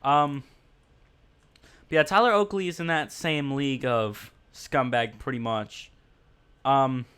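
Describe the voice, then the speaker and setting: A man with a smooth, clear voice, medium pitch and fairly bright tone hosts a casual livestream podcast. Rambling and stuffed with fillers, his talk is blunt and mocking, aimed directly at his viewers.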